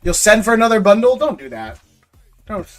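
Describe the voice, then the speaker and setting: Selling trading card packs on a live stream, a man chats in a laid-back way with viewers, calling them bro. His high voice swings widely in pitch and moves a little fast, with soft background music behind him.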